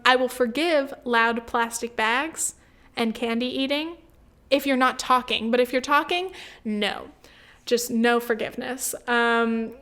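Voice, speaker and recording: A woman in her twenties chats casually on her own podcast, her slightly high voice clear, resonant, and fairly bright. She swears freely and fills her talk with "like" and "um."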